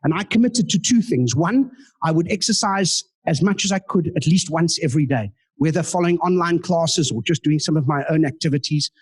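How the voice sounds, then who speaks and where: In an indoor club meeting room, a South African man in his 40s, working as a comedian and guest speaker, does live stand-up full of self-deprecating, playful anecdotes and audience asides. He talks fairly quickly in a highish voice with a breathy edge.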